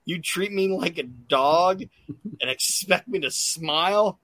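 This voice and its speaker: A man's voice: high-pitched, takes it slowly, a bit bright, dry recording, pitched above the performer's own voice, heavily acted. A man voicing a sulky, bratty young boy who whines his complaints in a raised voice.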